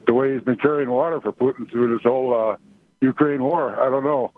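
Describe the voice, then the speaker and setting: A man's voice: mid-range voice, fairly even intonation, a little fast, a little hiss or hum. A man calling a radio show, blunt and opinionated. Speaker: caller. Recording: husky, lo-fi phone line.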